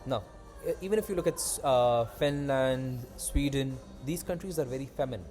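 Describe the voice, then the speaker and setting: A young man hosting a casual podcast, telling animated, rambling stories and swearing freely. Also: medium pitch, normal speed, faint music behind. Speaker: podcast host. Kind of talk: casual chat.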